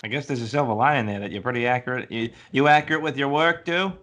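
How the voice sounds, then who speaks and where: A man's voice: medium pitch, fast, a bit bright, lightly acted. A man playing a brash, salesy hiring manager in a comedy sketch who repeats himself, talking over a video call.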